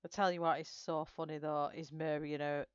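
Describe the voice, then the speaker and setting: Chatty giggly woman, low smooth voice. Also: little pitch movement, fairly quick, no room sound, lo-fi sound. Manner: chatty and giggly, greets viewers by name. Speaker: livestream host colouring live. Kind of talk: casual chat while colouring.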